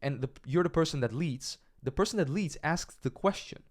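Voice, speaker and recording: A man's voice: a little high, lively intonation, normal speed. A young adult man teaching cold-calling as a sales coach, direct in manner, often checking in with "right?" and acting out sample calls. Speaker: agency coach. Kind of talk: sales training lesson.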